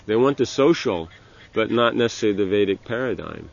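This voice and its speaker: A low, gravelly male voice delivers a loose, conversational religious lecture, circling back with restarts and filler words. The recording is dull and lo-fi. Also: expressive. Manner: halting, many restarts and "you know". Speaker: spiritual teacher.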